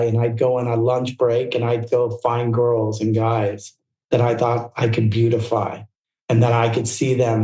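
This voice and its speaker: A man's voice: mid-range voice, dark tone, reverberant, low-quality recording. A middle-aged man from Southern California, telling his story as a podcast guest in a candid, rambling way. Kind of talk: casual storytelling interview.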